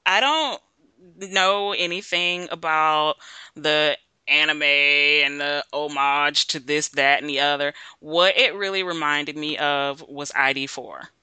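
Guy teasing his buddy, smooth crisp voice, slow talker. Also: a little high, bright, forceful tone, no echo. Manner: teasing, amused reactions. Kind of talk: casual chat.

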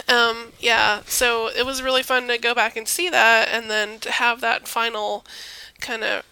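A woman's voice: a little high, little pitch movement, a little slow, pushed and bright, clear, resonant tone, dry recording. A woman in her twenties from Texas co-hosting a casual podcast, chatty and a bit tipsy, often trailing off mid-thought. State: a little tipsy. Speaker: podcast co-host. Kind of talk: casual chat.

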